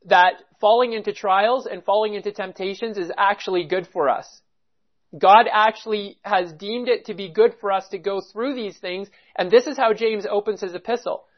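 A man's voice: high voice, dull audio. A man teaching an expository sermon on scripture, earnest and emphatic, often restarting his phrases. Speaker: preacher.

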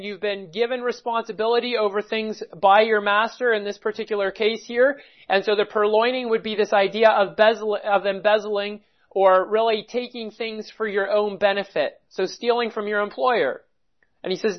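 A man preaching a measured expository sermon, reading and explaining scripture with pauses. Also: sits high, fairly even intonation, highs cut off. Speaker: pastor.

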